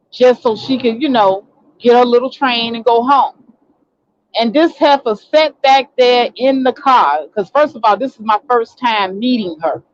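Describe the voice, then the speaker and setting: This woman, an online talk show host from Chicago, has a voice on the high side and is heard through dull audio. Her casual storytelling turns into an indignant rant as she acts out people's words.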